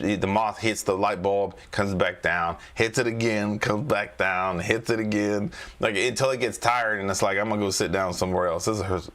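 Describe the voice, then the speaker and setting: Dude running a trading stream, chill and rambly, keeps going "all right?" and pushing the chat to answer. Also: male voice, lowish voice, fairly bright tone. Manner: loose and repetitive, coaxing the chat with "all right?". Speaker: trading coach and livestream host. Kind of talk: casual live-stream market commentary.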